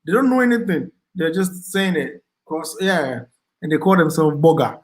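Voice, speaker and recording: A man's voice: on the high side, very animated, normal speed. A Ghanaian man hosting a casual livestream, reading out viewer comments and thanking them, with frequent ums and repeated words. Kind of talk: casual live chat.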